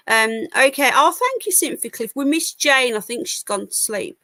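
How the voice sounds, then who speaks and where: A tired, yawning British woman hosts a casual live news stream, offering blunt opinions and reading chat comments aloud. Her voice is high-pitched, very animated, bright and forceful at a moderate pace, with no room sound.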